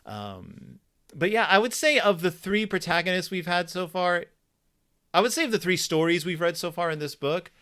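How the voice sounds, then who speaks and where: A man's voice: sits high, expressive, normal speed, fairly bright tone. A man co-hosting a casual book discussion podcast, thinking aloud with plenty of fillers and restarts. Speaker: podcast co-host.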